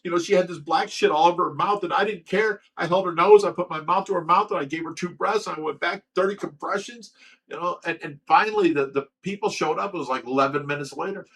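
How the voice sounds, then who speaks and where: A man's voice: sits high, quick pace, fairly bright tone, slightly rough, distant mic. A man hosting a livestream, telling a long personal story in a rambling way, stammering and repeating himself with lots of fillers. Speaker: livestream host of a fish rescue.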